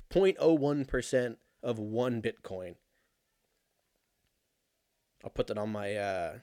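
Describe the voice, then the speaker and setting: A young man telling a rambling, profane story in a casual monologue, animated and laughing at himself. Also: mid-range voice, no room sound, studio quality.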